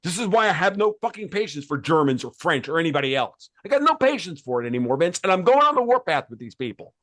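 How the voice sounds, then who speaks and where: A man's voice: a little high, big pitch swings, quick pace, a bit bright, no room sound, studio quality. A man hosting a podcast, from the United States, delivering a heated, profane rant full of repeated words and restarts. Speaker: podcast host.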